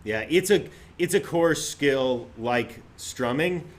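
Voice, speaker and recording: A man's voice: mid-range voice, animated, takes it slowly. A man teaching an online ukulele class, counting out finger-picking patterns as he plays. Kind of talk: online group music lesson. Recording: ukulele playing under the voice.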